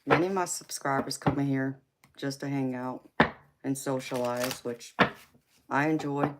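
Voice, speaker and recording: Very deep and fairly even in intonation, this woman's voice moves at a measured pace through a very noisy clip. She's a Southern US tarot livestream host with a heavy accent, sassy and playful, who laughs a lot and calls viewers honey and baby.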